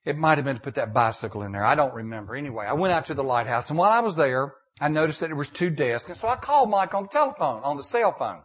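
A man's voice: fairly high pitch, lively intonation, fast talker, few pauses, breathy edge. An older man, a pastor, preaching a sermon in a folksy storytelling way, often repeating and restarting his phrases.

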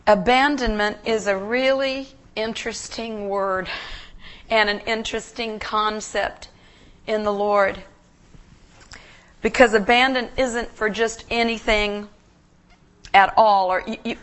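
A woman guest preacher giving an emotional, earnest sermon in a church, halting and restarting as she speaks. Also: mid-range voice, fairly even intonation, fairly bright tone.

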